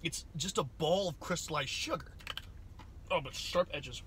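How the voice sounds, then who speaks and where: A man's voice: high-pitched, lively intonation, moderate pace, a bit bright, slight background noise. A man doing a goofy, sarcastic snack taste-test vlog, often slipping into silly bits. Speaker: vlogger.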